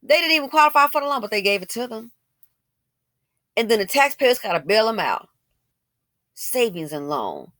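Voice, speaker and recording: A woman's voice: on the high side, sing-song, moderate pace, long pauses, fairly bright tone, dry recording. Woman, commentary, blunt, colloquial, repeats herself for emphasis, rhetorical questions, dry close sound. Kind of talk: opinionated commentary.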